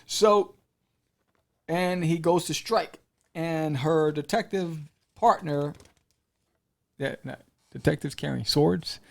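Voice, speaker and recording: A man hosting a casual podcast, retelling a comic's story in a playful, animated way and acting out the characters' lines. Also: on the high side, slow pace, vocal fry, long pauses. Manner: playful, jokes with the listener. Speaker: podcast host reviewing comics. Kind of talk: casual chat.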